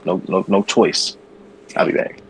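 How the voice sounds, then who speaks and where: A man co-hosting a podcast, telling a news story in a loose, animated way with slang and swearing. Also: measured pace, a little hiss or hum, low-quality recording. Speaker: podcast co-host. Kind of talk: casual chat.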